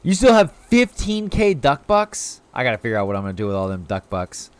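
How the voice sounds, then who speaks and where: A man's voice: mid-range voice, big pitch swings, a little fast, clean tone, dry recording. A man streaming a video game live, chatting casually with his viewers as he plays. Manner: chatty, talks to chat while playing.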